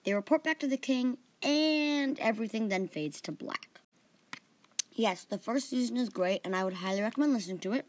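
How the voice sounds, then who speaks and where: A woman's voice: on the high side, lively intonation, moderate pace. A woman hosting a story podcast, narrating in first person with playful asides.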